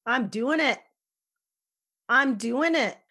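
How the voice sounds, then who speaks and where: A woman guest on a podcast talks earnestly and emphatically in a casual interview chat, at times softening almost to a whisper. Her voice is high-pitched, expressive and husky, and she speaks slowly.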